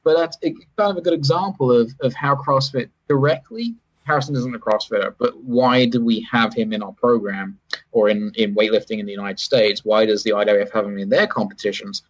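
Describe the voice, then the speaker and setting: A man's voice: mid-range voice, fairly even intonation, a little fast. A British man talking in a casual, rambling interview, often correcting himself and adding wry asides. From Britain. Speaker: sports federation chief executive, podcast guest. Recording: dull, lo-fi podcast audio.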